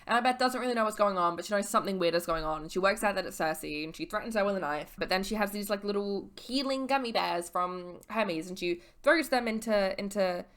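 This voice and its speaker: A tipsy woman recapping a book series in casual, animated chat, swearing freely and using slang. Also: lowish voice. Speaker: vlogger.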